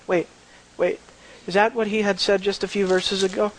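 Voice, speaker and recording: A man preaching a verse-by-verse Bible teaching, animated and conversational, full of rhetorical questions. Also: high-pitched, fairly quick, rough recording.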